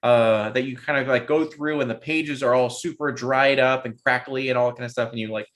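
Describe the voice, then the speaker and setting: A man's voice: mid-range voice, fairly even intonation, fairly quick, fairly bright tone. Rambling male game master. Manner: rambling, many fillers. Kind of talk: narrating a tabletop game.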